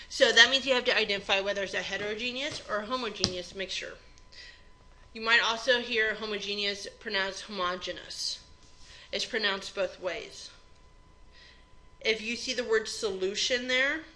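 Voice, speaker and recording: A mid-range, sharp-toned female voice comes through a low-quality recording. The speaker, a chemistry instructor, walks through a recorded exam review lecture step by step in a plain, conversational style.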